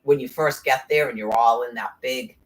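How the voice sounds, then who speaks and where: A woman's voice: a bass voice, normal speed. A middle-aged woman in casual chat, rambling, blunt and profane, with sarcastic asides. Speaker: podcast host.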